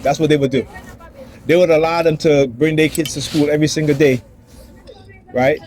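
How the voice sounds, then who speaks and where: A man's voice: fairly high pitch, steady tone, normal speed, darkish tone. A father filming himself outdoors, ranting about his family and acting out the arguments in voices. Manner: agitated, repetitive, acts out quoted dialogue. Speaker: father vlogger. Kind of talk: ranting personal vlog. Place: outdoors near a building and street traffic.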